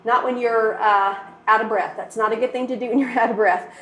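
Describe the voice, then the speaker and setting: A woman's voice: fairly high pitch, steady tone, fairly quick, a bit bright, reverberant, a little hiss or hum. Encouraging woman coaching a workout. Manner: encouraging, coaching through moves. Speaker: fitness instructor. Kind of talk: guided workout instruction.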